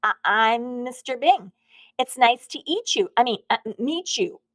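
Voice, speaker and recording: A woman's voice: fairly high pitch, expressive, measured pace, a bit bright. A woman voicing a flustered, stammering grown man in a storybook reading. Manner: stammering, sheepish.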